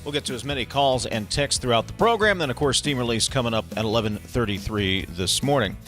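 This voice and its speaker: A man's voice: medium pitch, animated, brisk, a bit bright, soft background music. A man hosting a talk radio show from a studio, with an upbeat, emphatic delivery into a close microphone.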